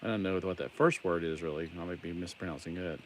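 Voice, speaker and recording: A man's voice: low voice, fairly even intonation, quick pace, slight background noise. A man with a Southern US accent chatting casually and rambling while building toys on a live stream. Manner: rambling, chatty, jokey asides. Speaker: toy collector streamer.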